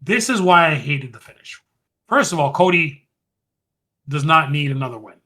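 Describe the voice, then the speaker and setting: A man hosting a podcast, recapping a match in casual chat. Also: fairly high pitch. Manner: animated, fast-running recap. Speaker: podcast host.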